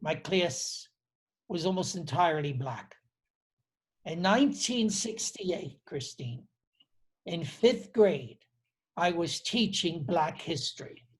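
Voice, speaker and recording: Slow, earnest older man telling a story. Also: lively intonation. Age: 70s. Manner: slow, earnest and reflective, dropping low on key phrases. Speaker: host. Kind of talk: conversational storytelling.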